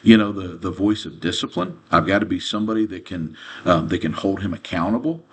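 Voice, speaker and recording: A man teaching as a quarterback coach in an earnest coaching lesson, often pausing to check in with "okay?". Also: deep voice, fairly bright tone, slightly rough.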